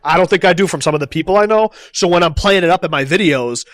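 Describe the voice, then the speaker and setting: Fast-talking Boston guy, swears freely. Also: high voice, fairly bright tone, no echo. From East Boston. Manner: loose and profane, fillers like bro. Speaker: podcast guest, content creator. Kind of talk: casual chat.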